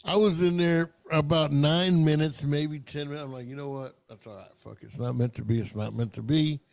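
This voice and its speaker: A middle-aged man with a gravelly, dark voice spins a rambling, profane story on a casual podcast. He talks loosely and animatedly, cursing freely as he goes. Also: fairly high pitch, fairly even intonation, fairly quick. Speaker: podcast co-host.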